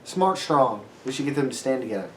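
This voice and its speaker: A young man co-hosting a sports podcast, ranting loudly with plenty of swearing. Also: medium pitch, animated, brisk, roomy sound, a little hiss or hum. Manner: brash, ranting, heavy swearing. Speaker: podcast co-host. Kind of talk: profane sports podcast banter.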